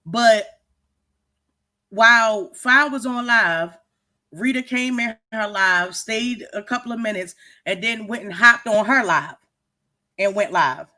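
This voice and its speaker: Co-host on a live stream, bright voice, stumbles and repeats, swears a lot. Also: medium pitch, takes it slowly. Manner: emphatic, repeats words, profane. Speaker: livestream co-host. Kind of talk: livestream commentary.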